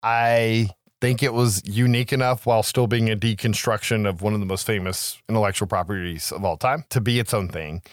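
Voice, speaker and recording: A man co-hosting a podcast, recapping a horror film in a lively, profane, casual way. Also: lowish voice, a little fast, hardly any pauses, dry recording, clean studio sound. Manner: animated, profane storytelling. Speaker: podcast co-host.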